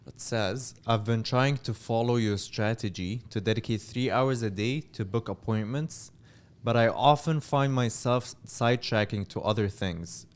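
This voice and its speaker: Low-voiced man reading a question. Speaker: moderator reading audience questions.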